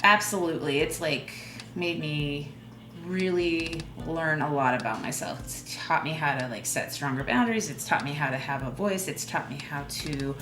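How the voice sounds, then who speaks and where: A woman comedian talking as a guest, chatty and animated, with playful asides as she tells her stories. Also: deep voice, moderate pace, music in the background. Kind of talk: casual chat, storytelling. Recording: roomy echo.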